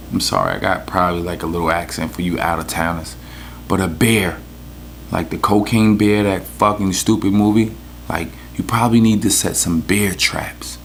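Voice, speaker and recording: Man, new york accent, podcast host, low-pitched, cursing, rambling comic rant, faint hiss. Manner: profane, rambling, joking storyteller. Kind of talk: casual comedic rant.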